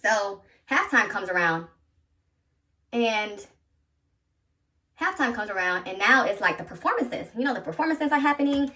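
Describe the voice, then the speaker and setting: A woman in her thirties telling a personal story to her viewers in an animated, chatty way, talking straight to them. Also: medium pitch, normal speed, pauses often, far from the mic. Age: 30s. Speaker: vlogger.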